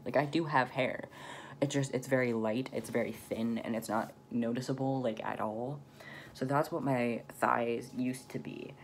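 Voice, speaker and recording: A young man talking casually to his viewers, his voice caught partway through a testosterone change and sitting at a middling pitch. He rambles easily, filling gaps with "um" and small self-conscious laughs. A faint hiss sits under the recording. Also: steady tone, normal speed. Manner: chatty, many "um"s and light laughs, self-deprecating. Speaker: vlogger. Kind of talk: casual vlog chat.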